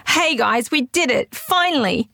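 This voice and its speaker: A woman's voice: medium pitch, animated, normal speed, vocal fry, no room sound, studio quality. A woman voicing an eager, confident young girl training as a spy, exclaiming and arguing her case. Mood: jubilant.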